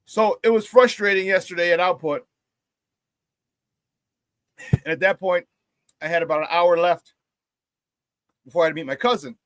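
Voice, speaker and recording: A Chicago-area man hosting a live sports talk show tells a story as a loose, animated rant. His voice is fairly high for a man, and he switches voices quickly whenever he quotes someone. The recording is dry and close, with no room echo.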